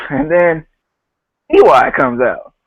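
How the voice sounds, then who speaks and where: A man hosts a casual podcast recap, retelling what people said in a loose, joking way. His voice sits a little high. The sound is dry and close, with no room around it. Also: lively intonation, slow pace, no room sound, low-quality recording. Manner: laughs often, quotes others in a loose retelling. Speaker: podcast host.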